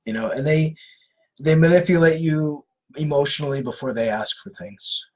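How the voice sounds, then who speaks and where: A man's voice: on the high side, moderate pace, a little mellow, slightly rough, poor audio. A man from California hosting a live question-and-answer stream, giving earnest, conversational advice with frequent fillers and restarts. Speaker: host of anti-scam live Q&A.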